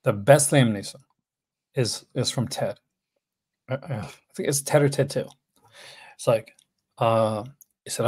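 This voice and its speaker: A man hosting a casual livestream chat about films, talking in a halting way full of restarts. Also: medium pitch, darkish tone, slightly rough. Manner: hesitant, full of fillers and restarts. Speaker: host.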